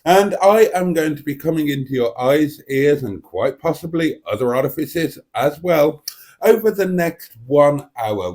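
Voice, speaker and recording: A man's voice: a little high, a little mellow. A man hosting a casual live stream from his dining table, speaking into a desk microphone in a rambling, self-mocking, theatrical way. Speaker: livestream host. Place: home dining room.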